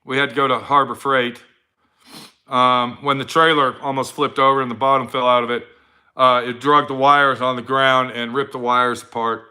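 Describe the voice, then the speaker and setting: A man's voice: mid-range voice, bright, forceful tone, smooth. A middle-aged man giving a blunt, profane motivational talk to his viewers, full of swearing and preachy advice. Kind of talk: profane casual motivational rant.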